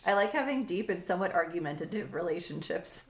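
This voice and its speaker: A woman's voice: lowish voice, animated, quick pace. A young woman co-hosting a casual podcast from home, a chatty storyteller who laughs often. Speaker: podcast co-host.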